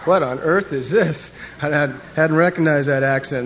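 A man's voice: fairly high pitch, moderate pace, a bit bright. A man from Wyoming, a pastor giving a humorous speech to a youth conference and telling jokes in funny voices. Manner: joking storyteller doing voices. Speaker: pastor and guest speaker. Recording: dull lo-fi old recording with faint hiss.

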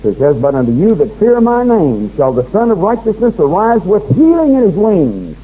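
A man's voice: sits high, huge pitch swings, moderate pace, mellow, husky, dull audio. A man preaching a fervent sermon, reading scripture aloud and rising in force as he warns his listeners.

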